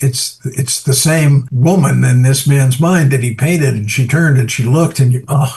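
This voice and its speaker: An older American photographer in an interview, talking reflectively and acting out little scenes in a lively voice. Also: male voice, creaky. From United States. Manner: animated storyteller, acts out quoted voices with big pitch jumps. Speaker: photographer guest.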